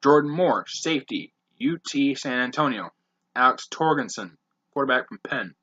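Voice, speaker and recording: A man hosting a podcast, briskly reading off a long list of names with blunt, profane asides. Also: medium pitch, expressive, sharp tone, dull audio. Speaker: podcast host.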